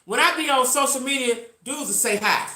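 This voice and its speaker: A woman's voice: high-pitched, fairly quick, sharp tone, roomy sound. A woman around sixty telling a blunt, salty story to her viewers, repeating lines for emphasis and reacting to live chat. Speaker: vlogger.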